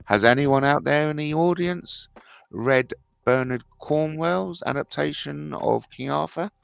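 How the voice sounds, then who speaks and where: A man's voice: fairly high pitch, measured pace, creaky, clear, resonant tone, dry recording. A man hosting a casual livestream, chatting in blunt banter with some swearing, reading out viewers' comments and answering them. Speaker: livestream host.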